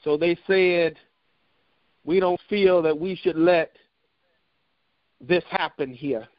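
A man preaching a sermon, telling a personal story with a measured, repetitive cadence. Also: on the high side, no echo, dull audio.

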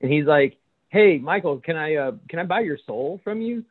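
A man's voice: fairly high pitch, expressive, moderate pace, slightly rough. A man, a chaplain and podcast co-host, telling a story in casual chat and laughing as he goes. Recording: tinny phone-like line.

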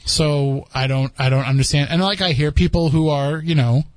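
A man's voice: a little high, fairly even intonation, normal speed, no echo. Chatty man hosting a podcast. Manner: rambling, chatty, frequent restarts. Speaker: podcast host. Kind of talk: casual chat.

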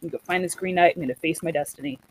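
A woman's voice: fairly low pitch, very fast, a little hiss or hum, rough recording. Chatty woman retelling a story. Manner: chatty, animated, acts out quotes.

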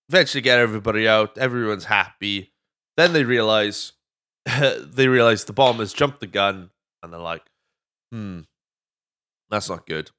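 A man's voice: on the low side, sharp tone. A Welsh man hosting a podcast, casually recapping a movie with swearing and rambling tangents. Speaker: podcast host.

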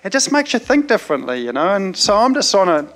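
A man's voice: high voice, sing-song, quick pace, fairly bright tone. A man with a New Zealand accent telling a personal story in a casual, rambling way, full of "you know" fillers.

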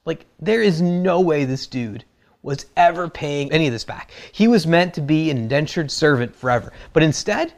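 A man's voice: on the high side, animated, moderate pace, gravelly. A man preaching a sermon, who retells the story in a casual, humorous way. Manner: conversational and humorous, acts out quotes. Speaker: pastor.

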